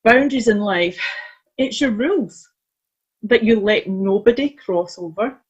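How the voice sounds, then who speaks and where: Brief: husky woman coach, earnest talk, dull lo-fi audio. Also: medium pitch, lively intonation, measured pace. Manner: earnest, explains with examples. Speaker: guest coach. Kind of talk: casual chat. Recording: dull lo-fi sound.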